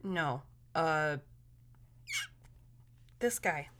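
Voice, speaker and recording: Blunt, bright-voiced woman who swears constantly. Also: sits low, animated, drawn-out words, slight background noise. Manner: blunt, swears constantly, searches aloud for names. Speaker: podcast co-host. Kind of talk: casual chat.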